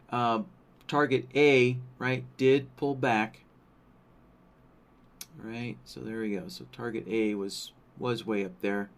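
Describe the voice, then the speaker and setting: A man presenting a live software workshop, walking through settings on screen while thinking aloud and checking in with listeners. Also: mid-range voice. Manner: thinks aloud, frequent "right?" check-ins.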